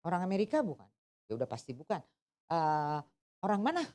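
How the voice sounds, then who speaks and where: A woman's voice: lowish voice, quick pace, pauses often. A woman teaching an English test class, switching between languages and firing questions at her students. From Indonesia. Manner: animated, asks the class questions, code-switching. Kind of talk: interactive lesson, mixing English and Indonesian.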